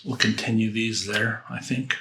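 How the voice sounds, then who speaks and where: A man with a lowish yet bright, forceful voice reviews fragrances in a loose, rambling way, thinking aloud and restarting his sentences. He is recorded in a roomy space with a clear echo. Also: steady tone, normal speed, slight background noise. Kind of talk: casual unboxing review.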